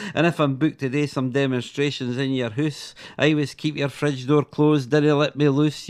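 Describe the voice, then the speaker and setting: Scottish guy belting out a funny dialect poem, rhythmic, strong accent. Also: medium pitch. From Scotland. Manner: broad dialect, rhythmic, punchy delivery. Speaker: comedy entertainer, guest. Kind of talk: recited dialect comic poem.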